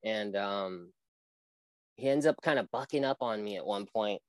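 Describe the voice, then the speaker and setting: A man's voice: on the low side, moderate pace, dry recording, poor audio. A young man, a guest on an interview show, telling a personal story in an earnest, rambling way with many restarts. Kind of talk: personal testimony in a casual interview.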